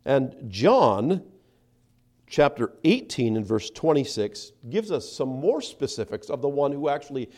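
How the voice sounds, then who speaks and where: A man preaching a sermon, acting out the speakers he quotes and dropping to soft asides between them. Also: medium pitch, big pitch swings, unhurried. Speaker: pastor.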